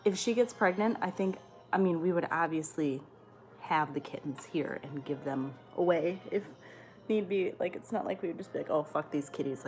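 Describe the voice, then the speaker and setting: A woman hosting a livestream who reads viewer comments aloud and answers them in blunt, chatty talk, swearing freely. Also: fairly low pitch. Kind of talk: casual chat.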